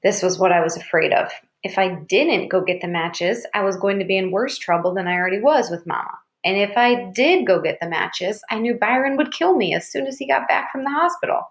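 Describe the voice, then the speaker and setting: A woman's voice: mid-range voice, brisk, hardly any pauses. Woman reading a novel aloud. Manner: steady storytelling. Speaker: reader.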